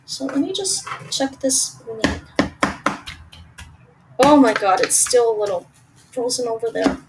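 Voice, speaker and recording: A woman's voice: a little high, big pitch swings, measured pace, recorded from a distance, noisy background. A woman, chatting casually and thinking aloud while she cooks at home and answers her stream chat. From Toronto, Canada. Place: home kitchen.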